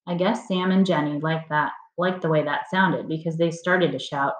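A woman reading a children's chapter book aloud in a steady storytelling manner. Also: low voice, moderate pace, few pauses. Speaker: reader. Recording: roomy dull lo-fi recording.

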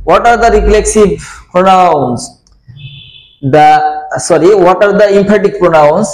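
A man with a slightly high voice teaches a grammar lesson at a very slow, deliberate pace. He repeats key points and fills gaps with hesitant "uh" pauses, and the room around him rings with echo. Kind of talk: slow classroom explanation.

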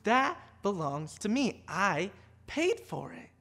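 A woman voicing Jesus as a gentle, earnest man who speaks insistently. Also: medium pitch, very animated, takes it slowly, slightly rough, exaggerated voice.

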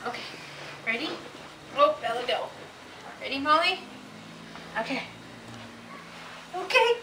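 Giggly high-voiced woman coaxing dogs. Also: big pitch swings, a little slow, pauses often. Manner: coaxing sing-song talk to dogs, giggly. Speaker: dog owner running a home dog test. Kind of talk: casual home video. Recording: echoey room, far from mic, noisy.

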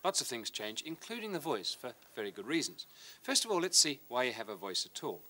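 A man's voice: mid-range voice, fairly quick. A middle-aged man presenting a science lesson, explaining and demonstrating with a model as he talks. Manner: lively, hands-on demonstrator.

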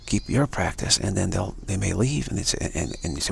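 A man's voice: sits low, lively intonation, a little fast, gravelly, hardly any pauses, a little hiss or hum. A man giving an unscripted spiritual talk as its teacher, repeating phrases over and over. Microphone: livestream mic.

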